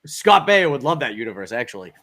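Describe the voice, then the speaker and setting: A man co-hosting a casual review podcast, excitable and laughing often, swearing freely. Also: mid-range voice, quick pace, very noisy. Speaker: podcast co-host.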